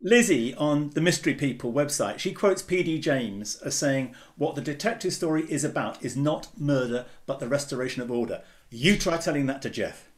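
A man speaking on a publishing panel over a video call, talking casually and teasing his colleague with jokes. His voice sits at an ordinary pitch for a man. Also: expressive, normal speed, few pauses. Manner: teasing and jokey.

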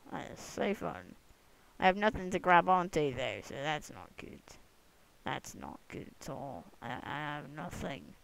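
Young let's-play gamer, unhurried and rambling, gravelly but smooth-toned, goofy asides and bursts of excited whooping. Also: medium pitch, dry recording, low-quality recording. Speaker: gamer recording gameplay commentary. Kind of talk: casual let's-play commentary. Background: other people talking in the room.

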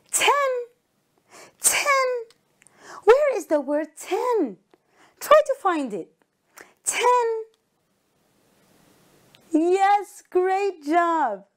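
A woman teaching an English lesson to young children on a broadcast, encouraging them and repeating each word slowly and clearly. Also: very high voice. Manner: encouraging, slow and clearly enunciated, repeats words.

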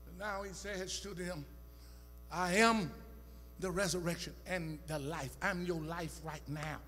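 A man preaching a sermon as pastor, swinging from low, quiet scripture reading up to shouted calls. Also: moderate pace, slightly rough. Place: church sanctuary. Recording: church hall reverb with faint music and hum.

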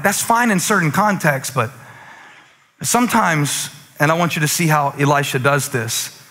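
A pastor in his forties preaches in a loose, conversational way, building to emphatic high points. His voice is bright and sits a little high for a man, and it rings with the long reverb of a large hall. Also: lively intonation, normal speed. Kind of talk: sermon. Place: church stage with few listeners.

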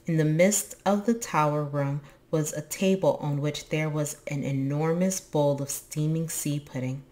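A woman reading a children's storybook aloud in steady narration. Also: deep voice, unhurried. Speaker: book channel host.

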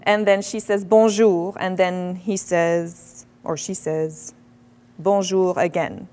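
Woman professor, animated, self-deprecating lecture delivery. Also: on the low side, slow. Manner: animated, self-deprecating, quoting French phrases. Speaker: French professor. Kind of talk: faculty lecture. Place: lecture hall.

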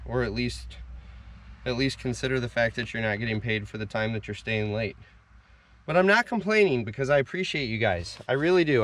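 A man's voice: mid-range voice, a bit bright. Worn-out male equipment operator, casual and wisecracking, self-recorded outdoors on a handheld camera. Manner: chatty, joking, self-deprecating. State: tired after a long hot week. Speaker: heavy equipment operator and vlogger. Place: outdoor construction site.

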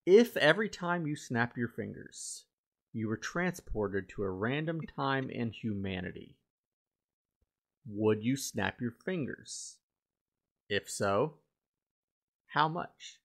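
A man co-hosts a casual podcast, posing playful questions and trailing off softly. His pitch moves in lively swings around a medium level. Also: slow, pauses often. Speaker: podcast co-host. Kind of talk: casual chat.

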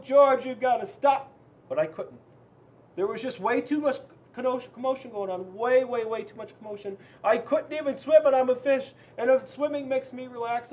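A police officer reads a children's storybook aloud in a very high voice. His delivery is expressive and dramatic, with big swings in loudness.

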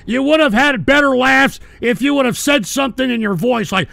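A man's voice: sits high, lively intonation, brisk, gravelly, hardly any pauses, fairly bright tone, no echo, clean studio sound. A man hosting a call-in show, talking crude and ranting with constant swearing. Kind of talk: profane call-in stream chat.

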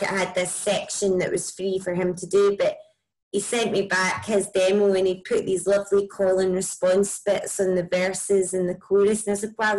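A woman's voice: medium pitch, a little mellow, rough recording. Woman, broad Scottish accent, musician guest, chatty, enthusiastic, filler-heavy. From Scotland. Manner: chatty, enthusiastic, many likes and ums. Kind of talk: casual interview chat.

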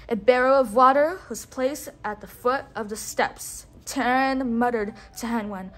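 A woman reading a storybook aloud expressively, pausing to have a listener repeat words. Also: fairly high pitch, fairly bright tone. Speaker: storybook reader. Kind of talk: read-along storytelling for a child.

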